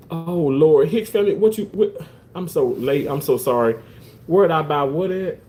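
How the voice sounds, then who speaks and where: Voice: medium pitch, a little mellow, a little hiss or hum. A livestreamer ranting comically, joking and swearing, with mock-tearful theatrics. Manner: swears freely. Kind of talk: comedic livestream rant. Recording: roomy, distant from the mic.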